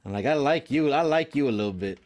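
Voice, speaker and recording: A man's voice: medium pitch, animated, fast, a little mellow. A man co-hosting a casual podcast chat, telling stories with a laugh and repeating phrases.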